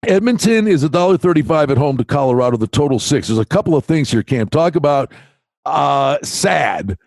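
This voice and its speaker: A man with a Canadian accent co-hosting a sports betting podcast, telling stories with lively acted-out voices. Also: fairly high pitch, fairly quick, gravelly, dry recording. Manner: animated storyteller, acts out voices in anecdotes. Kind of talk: casual sports betting chat.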